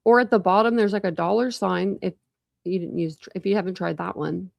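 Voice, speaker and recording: A woman in her forties, streaming live as a true crime YouTuber, chats casually from a room at home with a couch and a cat, rambling and full of "like" fillers. Her medium-pitched voice is gravelly, with fairly even intonation and a brisk pace. The recording is dry and studio quality.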